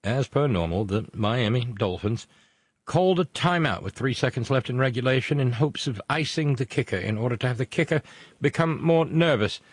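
A man's voice: mid-range voice, animated, fairly quick, slightly rough, dry recording, clean studio sound. A man hosting a live show, rambling through jokes and puns and stumbling over his words as he reads out viewer messages. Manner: rambling, pun-heavy, stumbles and restarts. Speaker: show host.

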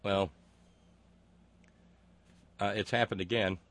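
Male talk host, somewhat low voice, mocking, profane, halting with fillers. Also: steady tone, fairly bright tone. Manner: halting, frequent filler words. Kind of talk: political commentary reading listener comments.

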